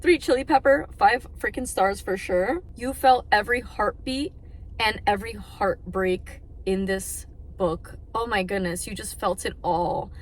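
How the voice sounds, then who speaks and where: A woman's voice: medium pitch, unhurried. A young adult woman chatting casually about books on her vlog, gushing and emotional, with plenty of fillers. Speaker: book vlogger. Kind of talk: casual chat.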